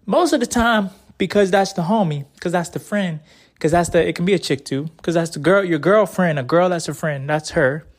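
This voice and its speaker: A man's voice: sits high, moderate pace. A young man hosting a casual advice monologue, talking in blunt, profane, laid-back slang.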